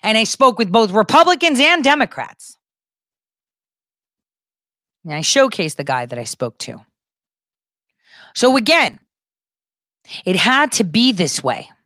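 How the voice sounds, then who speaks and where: A woman's voice: a little high, big pitch swings, unhurried, long pauses, fairly bright tone, dry recording. Ranting woman with a dry sound. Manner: ranting, emphatic, repetitive; crude, profane asides. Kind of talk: political commentary monologue.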